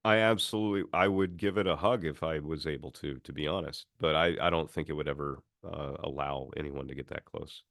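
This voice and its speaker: A man talking as a podcast guest, an animated storyteller who acts out the quotes in his stories. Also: extremely low pitch, a little fast, few pauses, no room sound, studio quality. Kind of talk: casual chat.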